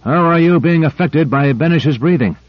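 A man voicing a calm male physician who explains things in a measured way, in an audiobook reading. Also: a little high, dry recording, voice pushed up, close to an everyday voice. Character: calm, knowledgeable male physician guiding by radio. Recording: dry, slightly dull lo-fi.

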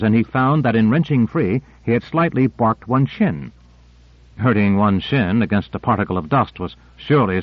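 Male narrator, mid pitch, steady measured reading; lo-fi tape. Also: no echo. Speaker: audiobook narrator. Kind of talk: scripted narration. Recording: narrow-band dry tape recording.

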